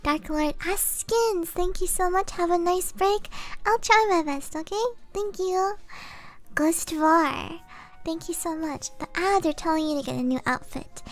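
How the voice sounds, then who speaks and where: Very high-voiced giggly woman streamer. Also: unhurried. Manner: giggly, reads viewer messages aloud. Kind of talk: soft-spoken live stream chat.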